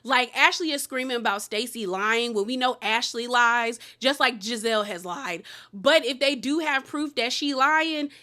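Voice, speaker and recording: A woman's voice: on the high side, sharp tone. A woman giving a casual, sassy recap of a reality TV episode, retelling the scenes in quoted voices and laughing now and then.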